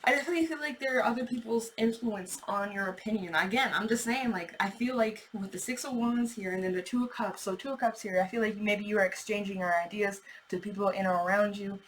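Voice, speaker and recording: A woman's voice: medium pitch, fast, hardly any pauses, a little hiss or hum, rough recording. Chatty woman giving a tarot reading. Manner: chatty, thinks aloud, swears casually. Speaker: tarot reader.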